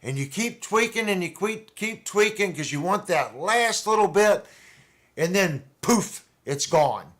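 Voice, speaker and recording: A man's voice: high voice, animated, unhurried, fairly bright tone. Rambling man on a casual livestream. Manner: rambling, conversational, with restarts and fillers. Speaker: livestream host. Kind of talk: casual chat about guitars.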